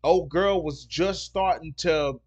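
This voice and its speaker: A man's voice: on the high side, slow, darkish tone, dull audio. A man hosting a casual talk show, rambling and repeating himself as he tells stories and reads comments. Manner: rambling, repeats "you know what I'm saying". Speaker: podcast host. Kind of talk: casual solo chat reading comments.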